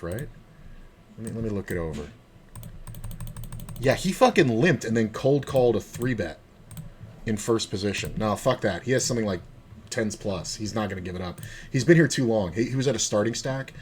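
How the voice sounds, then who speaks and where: Male poker streamer, low voice, rambling and profane, faint hiss and typing behind him. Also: lively intonation, moderate pace, pauses often. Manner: swears freely, rambling, mutters to himself. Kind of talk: casual live-stream commentary and storytelling.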